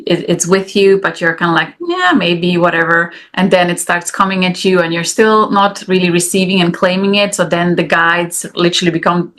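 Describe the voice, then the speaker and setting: Woman host, low-pitched, reflective interviewer. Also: flat delivery, brisk, hardly any pauses, a bit bright. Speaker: podcast host. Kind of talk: casual interview chat.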